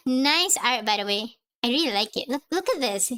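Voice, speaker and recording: A woman's voice: a little high, lively intonation, moderate pace, pushed and bright, dry recording. A woman streamer reading a comic aloud on stream, chatting and giggling between panels.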